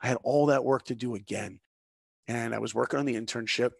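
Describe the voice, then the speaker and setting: A man's voice: medium pitch, a little fast, gravelly, breathy edge, no echo, studio quality. A middle-aged man from New York, a podcast guest telling his story animatedly and acting out both sides of the dialogue.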